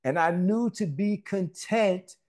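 A man's voice: sits high, slow pace, darkish tone. A man preaching a sermon, emphatic and repetitive, with conversational asides to the congregation.

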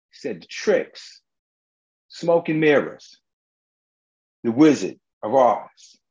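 Animated, high-pitched male preacher. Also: highs cut off. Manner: emphatic, colloquial, rhetorical questions to the congregation. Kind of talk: sermon.

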